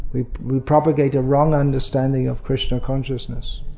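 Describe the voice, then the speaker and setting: A man answering questions as a spiritual teacher, explaining in a measured way with frequent restarts. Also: medium pitch, vocal fry, warm tone, muffled recording.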